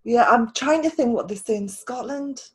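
A woman writer with a fairly high voice and lively intonation hosts a casual interview at a moderate pace. Her voice is slightly rough, the recording is low quality, and she talks chattily with many restarts and repeated words.

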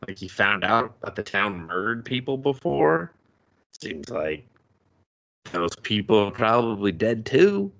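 Sarcastic, low-voiced man swearing freely. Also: measured pace, gravelly, muffled recording. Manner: sarcastic, profane, animated. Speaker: podcast host. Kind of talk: casual recap chat.

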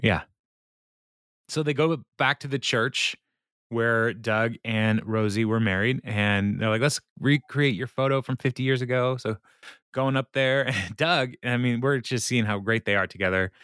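A man's voice: mid-range voice, a little slow, a bit bright, smooth, no echo, clean studio sound. A man co-hosting a podcast, rambling through an episode recap with many fillers and frequent laughs. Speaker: podcast co-host.

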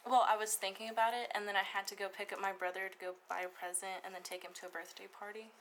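A woman's voice: medium pitch, flat delivery, fast talker, a bit bright, a little hiss or hum, rough recording. A woman in her early twenties in casual chat with friends, telling stories in a chatty, laid-back way. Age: early 20s.

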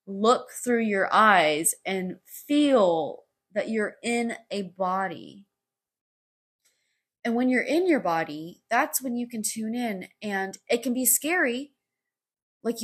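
A woman's voice: medium pitch, husky. A woman talking solo on her podcast in a rambling way, full of "like" and casual swearing. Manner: rambling, heavy on filler "like", frequent swearing. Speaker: podcast host.

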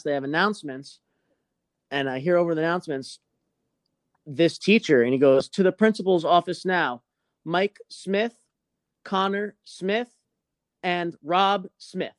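In casual podcast chat, a young adult host tells a story with animated energy and lots of swearing. His fairly high-pitched voice comes through with no echo.

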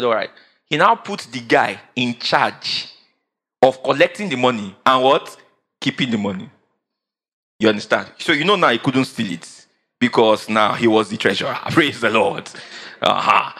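Male preacher, 30s, bright, forceful delivery, call-and-response. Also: mid-range voice. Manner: call-and-response preaching, acts out whiny quotes. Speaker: pastor. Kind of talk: sermon.

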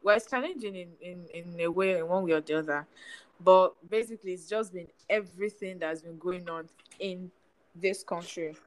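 A young adult woman from Nigeria with a Nigerian accent, co-hosting a casual chat podcast and talking in an animated way, full of fillers. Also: lowish voice, normal speed, poor audio. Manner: animated, chatty, lots of fillers. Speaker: podcast co-host.

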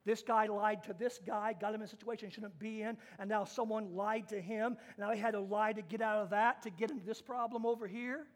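Male pastor, very high voice, animated storytelling sermon. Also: brisk, hardly any pauses. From Kansas. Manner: storytelling with acted-out quotes, swings from hushed to loud.

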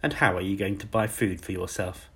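A man voicing a furious, tyrannical middle-aged aunt who shouts in a shrill, outraged way. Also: fairly quick, breathy edge.

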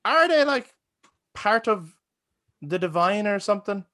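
A man with a bright, slightly high voice co-hosting a film podcast. He talks in an excitable, loose way, laughs a lot and drops the odd swear word. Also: unhurried. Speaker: podcast co-host. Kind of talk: casual film chat.

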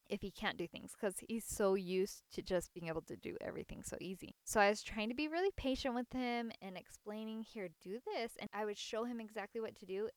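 A woman in her thirties, a mother, telling a personal story in an earnest, reflective way with soft laughs. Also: mid-range voice, clear, resonant tone, no room sound. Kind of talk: casual personal testimony.

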